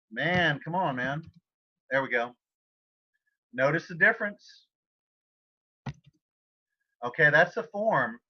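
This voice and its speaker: Casual male teacher, throat-clearing, lo-fi audio. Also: fairly high pitch, animated, takes it slowly, pauses often. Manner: informal, chatty, frequent throat clearing. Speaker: Spanish teacher. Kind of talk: online class lecture.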